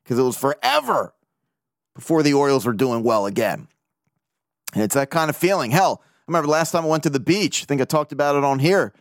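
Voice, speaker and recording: Podcast guy rambling on solo, jokey and a bit crude, voice sits kinda high, dead dry mic. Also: expressive, a little fast, dry recording. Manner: rambling, joking, swears freely. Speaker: podcast host. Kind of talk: casual solo podcast chat.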